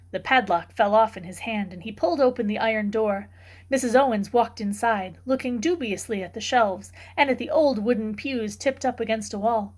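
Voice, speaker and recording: A woman reading a novel aloud for a book club, in steady, clear storytelling narration. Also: on the high side, normal speed.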